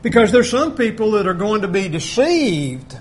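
A man's voice: high voice, sing-song, moderate pace, a little hiss or hum. A male preacher giving a conversational Bible-teaching sermon in a folksy way, often acting out quoted voices.

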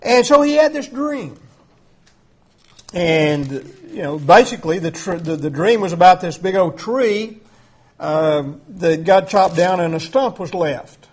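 A man's voice: high-pitched, lively intonation, a little slow, husky. A man preaching a conversational sermon, emphatic, with frequent filler words.

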